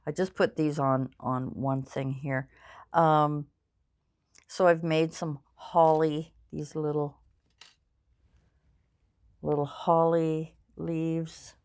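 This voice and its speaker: A woman's voice: sits low, flat delivery, takes it slowly, long pauses, a little mellow. An older woman chatting casually while she crafts, rambling and self-deprecating, with many fillers. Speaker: crafting channel host. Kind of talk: casual crafting vlog chat.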